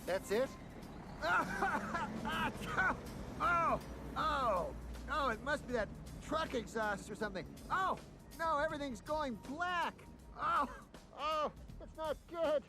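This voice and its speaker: A cocky talking dog fires off sarcastic quips in a very high voice. Film music plays underneath. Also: male voice, lively intonation, slow pace, exaggerated voice. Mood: fading. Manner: sarcastic, chatty.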